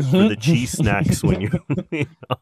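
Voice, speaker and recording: A man's voice: mid-range voice, darkish tone, husky, dry recording, studio quality. A man hosting a podcast, asking questions in a casual chat and cracking playful jokes. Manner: playful, jokey interjections. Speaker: podcast host.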